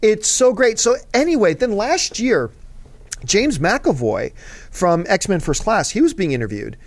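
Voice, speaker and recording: Man, high lively voice, rambling fan enthusiasm, dry close sound. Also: measured pace, dry recording. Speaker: show host answering viewer mail. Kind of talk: casual chat.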